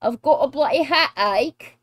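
A woman's voice: high-pitched, animated, unhurried. A woman doing a laughing mock British accent impression of a person with a headache offering tea. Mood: playful.

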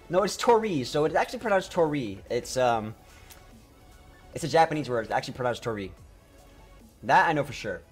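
Man, game streamer, mid-pitched, talks to chat, stumbles on words, faint music behind. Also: moderate pace, pauses often, slightly rough. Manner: excitable, talks to chat, trips over words. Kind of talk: live gameplay commentary.

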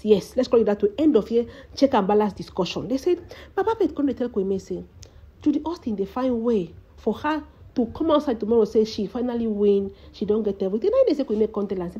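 A woman's voice: medium pitch, warm tone, slightly rough, lo-fi sound. Woman gossiping in Nigerian Pidgin. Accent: Nigerian Pidgin English. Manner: dramatic storytelling, repeatedly calling out to her audience. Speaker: celebrity gossip vlogger. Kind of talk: casual gossip commentary.

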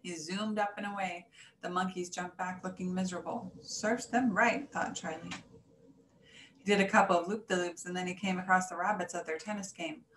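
A woman reading a children's story aloud in an animated, singsong way. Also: lowish voice, fairly quick. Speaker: story reader. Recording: echoey room, faint hiss.

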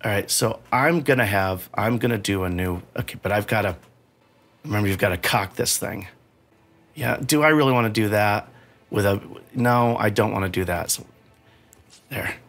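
A man's voice: lowish voice, normal speed, fairly bright tone. A middle-aged man playing a video game, swearing often and rambling in broken restarts as he grows frustrated. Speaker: gamer playing while his son coaches. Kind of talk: frustrated live gameplay commentary.

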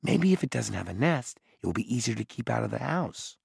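A man voicing a bossy, brisk teenage girl, the older sister, in an audiobook. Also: mid-range voice, very animated, creaky, a little mellow, breathy edge, no echo, clean studio sound, voice pushed up, exaggerated voice. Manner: brisk and commanding.

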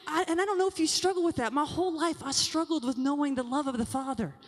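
Young woman giving a talk in a big conference hall, high voice, lots of reverb, chatty and direct with the crowd. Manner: animated and confiding, addresses the audience directly. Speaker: conference speaker. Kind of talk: talk to a women's session at a youth conference. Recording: long hall reverb from a large venue.

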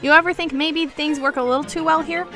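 Giggly high-voiced young woman vlogger. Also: steady tone, a little fast, over music. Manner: giggly, breaks off laughing and restarts lines. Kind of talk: casual read-through of a movie script.

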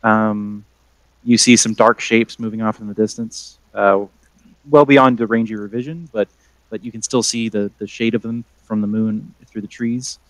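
A man narrating as game master of a tabletop game, pausing often with ums and uhs. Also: lowish voice, fairly even intonation, no echo, poor audio. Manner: hesitant, many ums and uhs.

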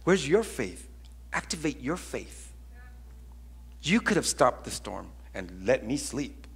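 A man voicing an exasperated grown man woken from a nap, scolding with loud, emphatic questions. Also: medium pitch, very animated, takes it slowly, gravelly, breathy edge, exaggerated voice.

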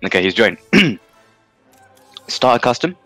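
A man's voice: mid-range voice, very animated, unhurried, pushed and bright, soft background music. A man from London, casting a game tournament in a rambling, jokey way and laughing often. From London, England. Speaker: tournament caster. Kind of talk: casual game commentary.

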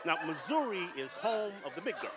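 On a comedy stage before a live audience, a man with a high-sitting voice runs through a brisk stand-up routine, the crowd audible behind him. He tells animated stories peppered with jokey asides, and the club recording catches the laughter.

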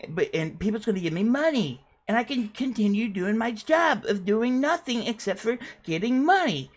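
A man voicing a boastful young male streamer who whines and sobs in a high, cracking voice.

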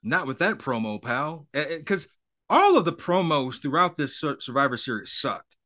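Bright-voiced laid-back podcast guy. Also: a little high, big pitch swings, moderate pace. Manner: laid-back, rambling, stammers through restarts. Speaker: podcast co-host. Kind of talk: casual wrestling recap chat.

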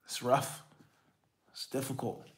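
A man, an Islamic scholar giving a live question-and-answer lecture, who talks emphatically, sprinkles in Arabic terms and keeps asking rhetorical questions of his listeners. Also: slow pace. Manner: emphatic, rises and drops in loudness.

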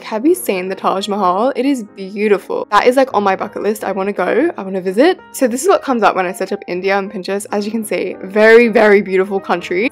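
A young woman with an Australian accent, chatting excitedly as she builds in a video game, with frequent gasps. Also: medium pitch. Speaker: gaming YouTuber. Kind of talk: casual commentary while building in a game.

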